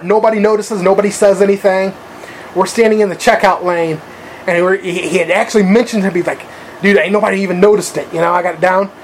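A man's voice: high-pitched, slight background noise, poor audio. A man telling a crude, rambling anecdote in casual chat, swearing freely and laughing at his own story.

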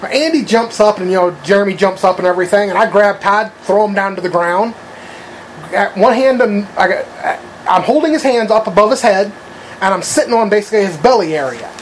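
A man's voice: sits high, brisk, slight background noise, low-quality recording. A man telling a crude, rambling anecdote in casual chat, swearing freely and laughing at his own story.

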